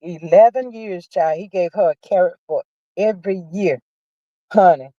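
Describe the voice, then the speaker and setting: A woman hosting a casual livestream, chatting about celebrity news in a sassy, drawn-out way and calling viewers honey and child. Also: lowish voice, warm tone, no echo, dull audio. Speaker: livestream host. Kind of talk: casual gossip chat.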